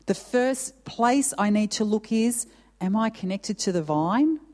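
A woman's voice: medium pitch, a little mellow. A woman pastor preaching a sermon, earnest and emotional, asking rhetorical questions of her congregation. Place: church. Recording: long hall reverb.

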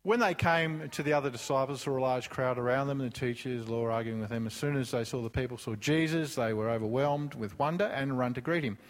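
A man's voice: medium pitch, fairly quick, hardly any pauses. A man preaching a sermon, telling a story loosely with asides and then rising to fervent emphasis. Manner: loose and chatty, with asides and restarts.

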